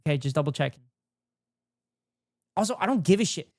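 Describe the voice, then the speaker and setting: A man's voice: fairly high pitch, animated, a little fast, dry recording, studio quality. A young man streaming, chatting casually and ranting with heavy swearing and sarcasm. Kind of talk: casual stream chat, reacting and reading chat.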